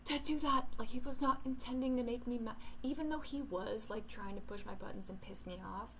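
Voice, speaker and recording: A woman's voice: fairly high pitch, brisk, a little hiss or hum, poor audio. A young woman in casual talk to camera, rambling and candid, swearing casually, talking at home at night.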